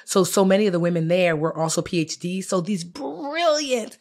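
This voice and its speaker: A woman co-hosting a podcast in a studio, telling a story in an animated, chatty way. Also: on the low side, fast talker. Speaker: podcast co-host. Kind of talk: casual chat.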